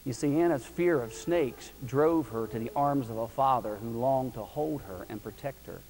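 A middle-aged man preaching a sermon, telling a family story in a folksy, animated way that swings from loud preaching to hushed, quiet telling. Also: mid-range voice, normal speed. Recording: reverberant hall with faint hiss.

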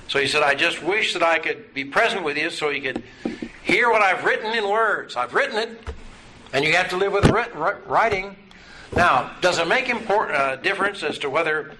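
A man's voice: a little high, pushed and bright. A man teaching a Bible study class, asking his students questions in a patient, folksy way. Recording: noisy room recording.

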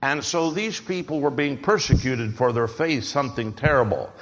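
Male preacher, mid pitch, emphatic sermon voice in a reverberant church sanctuary. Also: expressive, normal speed. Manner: emphatic preaching with rhetorical questions. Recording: long hall reverb.

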